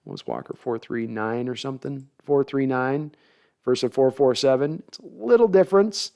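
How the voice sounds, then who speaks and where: A man hosts a casual live sports talk stream, chatting through viewer comments. His speaking pitch sits in an ordinary middle range, and he reasons aloud, often restarting sentences as he works through a point. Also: big pitch swings, moderate pace, vocal fry, a little mellow. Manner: conversational, analytical, thinks aloud with restarts. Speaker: podcast host.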